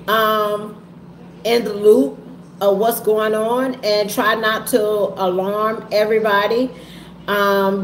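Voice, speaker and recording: A woman talking candidly to her viewers in a halting, heavy way, often repeating herself. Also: fairly high pitch. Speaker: vlogger and trucking business owner. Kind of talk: candid personal talk to viewers. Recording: echoey room with faint ambient noise.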